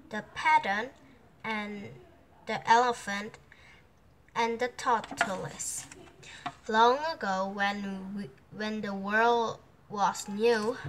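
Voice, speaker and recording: A woman with a Korean accent, a non-native speaker, reading a children's picture book aloud with careful, halting phrasing. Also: mid-range voice, bright, forceful tone, a little hiss or hum. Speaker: storybook reader.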